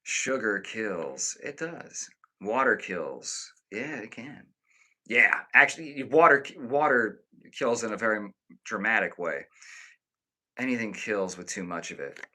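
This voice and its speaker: Rambling, cursing live-stream man, lowish voice. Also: animated, measured pace, sharp tone. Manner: rambling and conversational, swears freely, with many restarts; swings between emphatic bursts and low muttered asides. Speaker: live streamer chatting with viewers. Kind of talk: casual live-stream chat.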